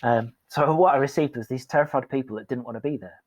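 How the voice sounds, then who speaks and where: A man's voice: mid-range voice, quick pace, no echo. A man, a podcast guest speaking frankly and with self-deprecating humour about his past work. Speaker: podcast guest, performance coach. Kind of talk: candid storytelling in conversation.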